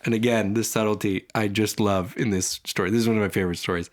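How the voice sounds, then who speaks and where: A man's voice: lowish voice, steady tone, quick pace, hardly any pauses. A man co-hosting a comedy podcast, reading scripture aloud and breaking off into joking asides. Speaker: podcast co-host. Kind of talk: casual comedic Bible chat.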